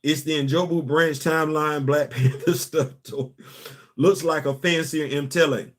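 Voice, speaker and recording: A man's voice: a little high, steady tone, normal speed. A man hosting a comics commentary show, ranting emphatically and repeating himself. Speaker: host. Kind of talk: casual commentary.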